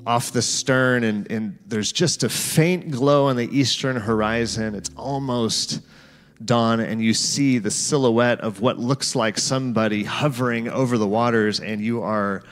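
A man's voice: medium pitch, measured pace. A man preaching a sermon, telling a story in guided imagery and speaking to the listeners as "you". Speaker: pastor.

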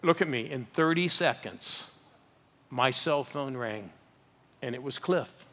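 An older man preaching a live sermon as a pastor, animated and rallying the congregation with call-outs. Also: medium pitch, slow.

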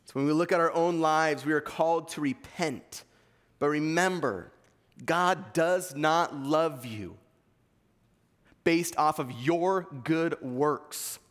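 Here a man's voice, on the high side with a fairly bright tone, belongs to a pastor preaching. With an East Coast American accent, he reads scripture and urges his points earnestly, and the recording has a long hall reverb.

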